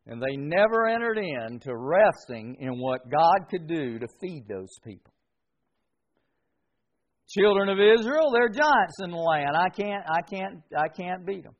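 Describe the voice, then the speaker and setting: Lively high-pitched man preaching a sermon. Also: unhurried. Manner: preaching with strong swings between loud emphasis and soft, quiet delivery. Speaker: pastor. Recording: dull lo-fi sound.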